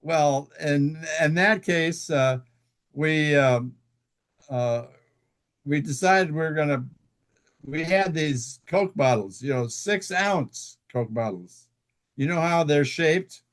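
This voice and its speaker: A man telling a long personal story as an interview guest, halting, with many fillers and restarts. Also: on the high side. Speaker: guest author.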